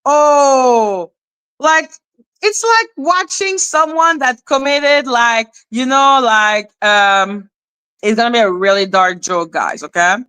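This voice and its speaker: A woman's voice: fairly high pitch, slow, pushed and bright, smooth, dry recording, poor audio. A woman doing blunt, exasperated live-stream commentary, ranting and repeating herself.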